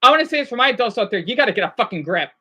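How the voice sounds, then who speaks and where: A man's voice: extremely high pitch, sing-song, rapid-fire, sharp tone, slightly rough. A man in his thirties ranting in a rambling, agitated commentary vlog, swearing often and then apologizing. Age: 30s. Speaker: vlogger.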